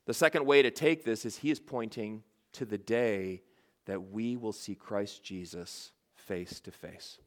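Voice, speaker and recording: A man's voice: fairly low pitch, unhurried. A middle-aged man, a pastor, preaching a sermon in an earnest way, repeating phrases for emphasis.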